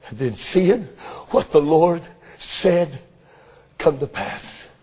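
A male preacher delivering an impassioned sermon, his voice breaking with emotion as he preaches in drawn-out bursts. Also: a little high, expressive, a little mellow, husky.

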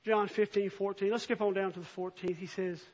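High-voiced impassioned preacher man. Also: steady tone, brisk. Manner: earnest, swells from soft reading to impassioned near-shouting. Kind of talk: sermon. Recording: dull lo-fi recording.

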